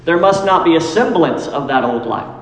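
Preacher guy, emphatic, kinda high voice, long church reverb. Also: expressive, moderate pace, creaky. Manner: emphatic, rises for acted pleas. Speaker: pastor. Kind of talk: sermon. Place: church sanctuary. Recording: echoey hall with long reverb.

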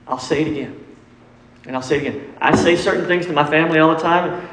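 High-voiced preacher in an echoing hall. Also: male voice, brisk. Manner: emphatic, repeats key points and quizzes the congregation. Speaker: pastor. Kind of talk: sermon. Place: church sanctuary.

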